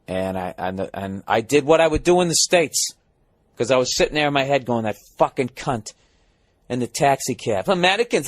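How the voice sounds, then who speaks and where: A middle-aged man hosting a podcast, rambling through a comic monologue in a profane, sarcastic, ranting way. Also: medium pitch. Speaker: podcast host.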